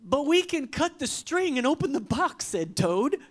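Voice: high-pitched, sing-song, unhurried, voice pushed up. A preacher reading a storybook aloud, voicing a fretful male toad who loves cookies and pleads when he protests. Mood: protesting.

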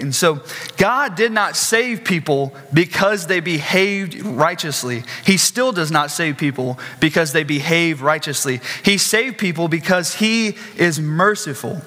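Bright-voiced preacher in a reverberant hall. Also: male voice, a little high. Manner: conversational preaching with asides and questions to the congregation. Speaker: pastor. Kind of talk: sermon.

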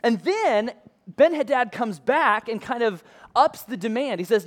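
A man's voice: very high-pitched, animated, measured pace. A male pastor preaching a sermon in a casual, conversational way, using modern comparisons.

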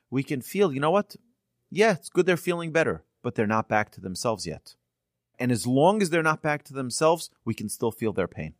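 With a voice that runs a little high, a rabbi gives an earnest sermon packed with stories. He narrates with animation and pushes his voice upward at key moments, recorded dry and clean in a studio.

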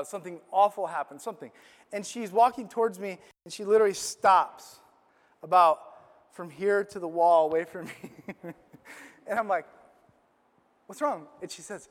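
A middle-aged man preaching a sermon as a personal story, animated and self-deprecating. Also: high-pitched. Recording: long hall reverb.

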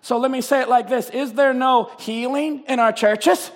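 High-pitched impassioned man preaching. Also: fairly even intonation, normal speed. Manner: impassioned, swings between shouting and quiet reading. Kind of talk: sermon. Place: church. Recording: reverberant church sanctuary.

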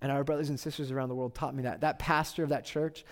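A man in his thirties preaching a sermon, telling stories with loud excitement and then dropping to quiet reverence. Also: medium pitch, fast. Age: 30s. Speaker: pastor.

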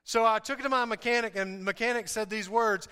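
In what sounds like a large hall with long reverb, a pastor preaches a sermon in a very high, smooth, resonant, sharp-toned voice. His delivery is brisk with fairly even intonation as he tells a rambling, self-deprecating story, laughing often while his sentences stumble and repeat.

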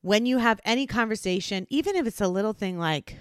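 A woman's voice: mid-range voice, a little fast, hardly any pauses, no room sound, studio quality. A woman hosting a solo advice podcast, talking earnestly and acting out different tones of voice. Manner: earnest, animated, acts out tones of voice. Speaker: podcast host.

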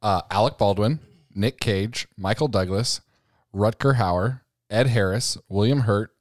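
A man's voice: fairly low pitch, a little slow, no echo, clean studio sound. A laid-back man in a casual movie chat who hedges his guesses.

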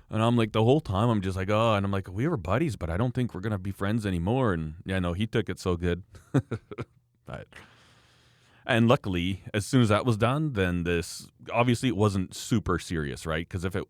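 A man's voice: fairly low pitch, brisk, dry recording, clean studio sound. A man in his thirties telling a story in casual chat, laughing often and acting out quotes.

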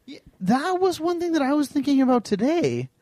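A man's voice: very high-pitched, sing-song, a little fast, warm tone, no echo, clean studio sound. A man co-hosting a podcast, sarcastic, teasing and a bit pedantic in casual chat. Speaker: podcast co-host.

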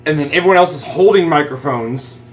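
A man hosting a casual engineering podcast, easygoing and rambling, speaking into a boom mic in a studio room. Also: brisk. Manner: easygoing, rambling, laughs often. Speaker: podcast host.

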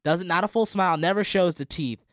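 A man's voice: sits high, brisk, no room sound, clean studio sound. A man talking casually and earnestly about a college basketball coach on a sports podcast. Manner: earnest, reflective storytelling.

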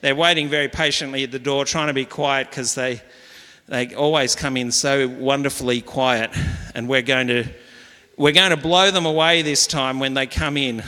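A man's voice: mid-range voice, moderate pace, sharp tone, long reverb tail. A man preaching as pastor, reading scripture and leading his congregation in earnest call and response. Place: church hall.

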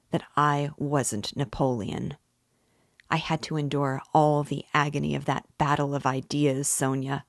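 A woman's voice: low voice, no room sound, studio quality. A woman reading the part of a feverish, tormented young man in an intense confessional monologue, as an audiobook reading.

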